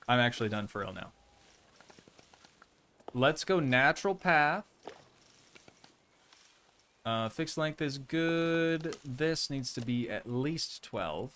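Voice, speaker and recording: A man's slightly high, expressive voice, smooth yet sharp in tone, moves slowly as he streams a park-building game. He chats casually and playfully with viewers in rambling asides, with faint music in the background.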